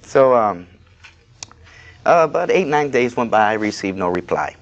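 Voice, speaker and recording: A man's voice: mid-range voice, sing-song, moderate pace, dull audio. Plain-spoken man as interview guest. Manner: plain-spoken, aggrieved, recounting a workplace dispute. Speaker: guest, activist. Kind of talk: casual interview talk. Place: TV studio.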